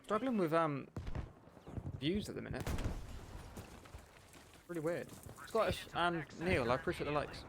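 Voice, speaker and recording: A man's voice: a little high, animated, measured pace, creaky, long pauses, background noise. A young man streaming a shooter game, chatting casually, rambling and swearing with lots of filler words. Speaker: gaming streamer. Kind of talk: casual chat while gaming. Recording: game gunfire loud behind voice. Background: gunfire and game sounds.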